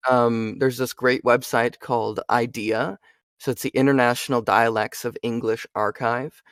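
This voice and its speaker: A man's voice: mid-range voice, normal speed, dry recording. Chatty young man, dry sound. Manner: animated, chatty, frequent fillers. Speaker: voice actor guest. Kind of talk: casual interview chat.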